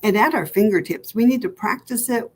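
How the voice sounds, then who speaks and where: A woman minister with an American accent leading a gentle guided meditation, soothing and slow, sometimes dropping to a soft whisper. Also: a little high, breathy edge. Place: church hall.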